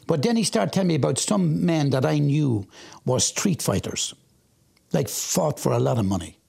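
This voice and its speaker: An Irish man recounting his past in a plain, rambling way, circling back over the same points. His voice is heavily gravelly with a husky, rough edge. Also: a little high, lively intonation, normal speed, a little mellow. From Ireland. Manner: plain-spoken, rambling, repeats himself. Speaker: interviewee. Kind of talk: storytelling interview.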